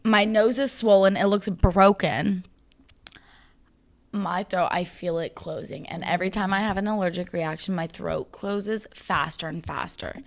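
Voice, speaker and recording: Young woman podcast host, kinda low voice, chatty storytelling, mutters sometimes. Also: measured pace, vocal fry. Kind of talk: casual chat.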